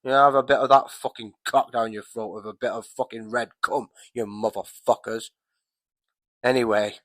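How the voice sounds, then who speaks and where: Brief: male wrestling vlogger, mid pitch, profane heated rant, dry close sound. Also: steady tone, moderate pace, a bit bright, no room sound. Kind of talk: casual ranting recap.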